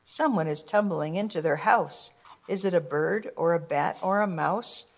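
A woman narrating a children's rhyming picture book with a gentle, rhythmic delivery. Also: fairly low pitch, unhurried.

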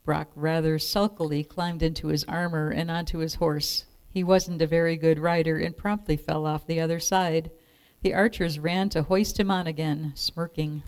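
A woman reading a children's storybook aloud in a clear, expressive way. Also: low-pitched, moderate pace.

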